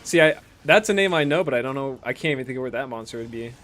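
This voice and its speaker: A man chatting casually as a game streamer, rambling and swearing, often trailing off into quiet mutters as he plays. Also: mid-range voice, expressive, quick pace, a little hiss or hum. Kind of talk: casual commentary while playing.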